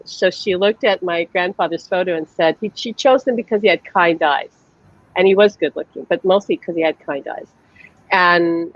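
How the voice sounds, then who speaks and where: A woman's voice: lowish voice, no room sound, muffled recording. A woman who works as a psychic medium, hosting a live-streamed conversation and telling stories animatedly over a video call, laughing often.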